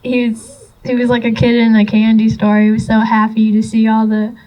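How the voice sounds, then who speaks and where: Young woman, granddaughter, rambling story, high and flat voice. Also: moderate pace, low-quality recording. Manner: rambling, many fillers, laughing softly. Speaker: granddaughter giving a eulogy. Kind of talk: memorial speech, personal story.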